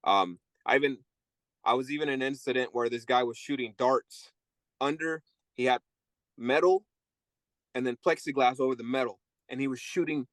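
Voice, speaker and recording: Recorded up close with no room reverberation, this interview guest talks about having been a correction officer. He speaks openly at a moderate storytelling pace in an ordinary medium pitch, imitating inmates' voices in his anecdotes.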